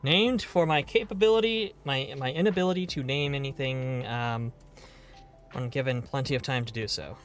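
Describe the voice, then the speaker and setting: A man's voice: mid-range voice, moderate pace, soft background music. A man streaming a game live, chatting casually in a rambling, playful way and swearing now and then.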